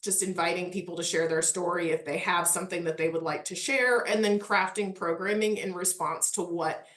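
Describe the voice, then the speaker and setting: A woman's voice: fairly low pitch, steady tone, fairly quick, a bit bright. Chatty Midwestern woman in a roomy space. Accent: Midwestern American. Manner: earnest, chatty, frequent "like" and "um". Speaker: historic site manager. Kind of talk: conversational interview answers.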